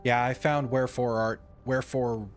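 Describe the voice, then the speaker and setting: A man's voice: medium pitch, steady tone, moderate pace, soft background music. A man from the Southern United States streaming a video game and chatting casually, exclaiming at the game and often restarting his sentences. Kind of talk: casual gaming stream chat.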